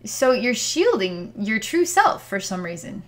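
A woman's voice: on the high side, sing-song, measured pace. A woman working as a psychic healer, describing what she sees during a distance healing session in a hesitant, word-searching way with sighs.

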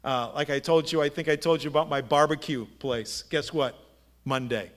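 Inside a church sanctuary, a middle-aged man preaches as a pastor, sharing stories conversationally and asking rhetorical questions. He speaks at a moderate pace, his high-leaning voice fairly even in intonation.

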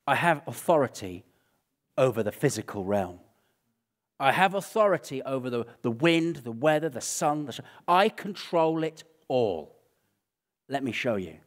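A man voicing Jesus as a calm, commanding man who speaks with quiet authority. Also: mid-range voice, normal speed, natural voice.

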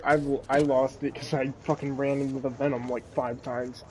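A young man playing a video game and chatting casually, excitable and quick to swear. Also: mid-range voice, slight background noise, low-quality recording. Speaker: gamer playing on stream. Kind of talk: casual gaming chat.

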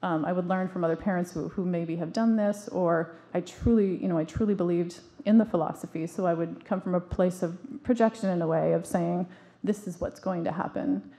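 A woman's voice: on the low side, steady tone, brisk, hardly any pauses, dark tone. A woman in her forties giving an earnest, emphatic talk to an audience, telling stories from her own life with frequent restarts. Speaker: parenting speaker.

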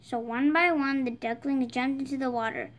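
A woman reading a children's picture book aloud, brightening her voice for the characters' lines. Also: sits high, fairly even intonation, moderate pace. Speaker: storybook reader. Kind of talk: children's read-aloud narration.

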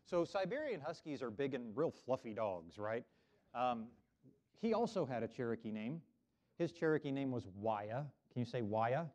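His pitch is medium but swings widely, at a normal pace and slightly mellow. He's a middle-aged minister from Oklahoma giving a friendly sermon to children in the sanctuary, coaxing them to repeat words, on a dull lo-fi church recording.

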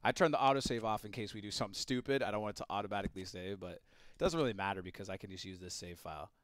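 A young man commentating his game live for viewers, excitable and prone to yelling and laughing when things go wrong. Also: on the low side, very fast, no echo. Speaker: gaming streamer.

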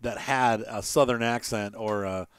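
A man's voice: fairly low pitch, steady tone, measured pace, smooth, no room sound. A man hosting a gaming channel, giving casual gameplay commentary in a rambling way, with many fillers and little chuckles. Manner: chuckles between remarks.

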